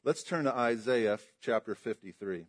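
A man preaching a sermon, swinging between loud emphatic lines and low quiet ones, putting questions to his congregation. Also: moderate pace, husky. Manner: emphatic, rising and dropping in pitch and volume.

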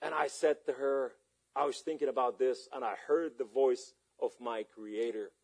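Husky impassioned male preacher. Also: mid-range voice, steady tone, normal speed. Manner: impassioned, rising to shouts. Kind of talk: sermon storytelling.

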